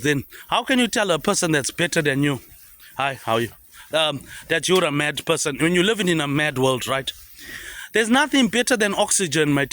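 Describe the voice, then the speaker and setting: A man rambles on in a high, swooping voice that leaps up and down. He keeps tacking a low "mate, eh" onto his lines. The sound is close and dry. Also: pushed and bright, no room sound. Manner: repetitive, trailing "mate, eh" tags dropped low. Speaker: vlogger. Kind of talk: rambling monologue.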